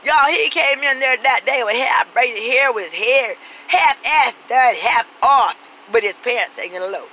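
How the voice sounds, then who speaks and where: A woman's voice: fairly high pitch, a little slow, sharp tone, a little hiss or hum, rough recording. A woman telling a profane comic story in a brash, sassy, street-talking way, acting out everyone she quotes. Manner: brash, swears constantly, acts out every quoted voice.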